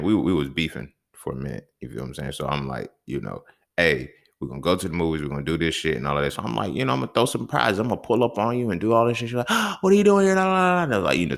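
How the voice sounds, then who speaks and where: A young man with a very deep, gravelly voice, telling a story in a casual, profane monologue. He keeps checking in with "you feel me?" and swings from low mutters to sudden high exclaims. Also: fairly bright tone. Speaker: podcast host.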